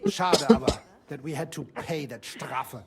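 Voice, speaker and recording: An actor playing a proud, pompous middle-aged German fencing master with a German accent, in a game. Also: male voice, a little high, lively intonation, a little slow, crowd noise. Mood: indignant. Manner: pompous, indignant about his honor.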